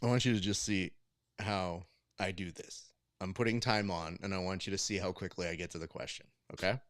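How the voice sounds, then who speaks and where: A man's voice: low-pitched, steady tone, brisk, fairly bright tone, no room sound, clean studio sound. A man co-hosting a casual podcast, teasing his co-hosts and steering the topics. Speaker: podcast co-host.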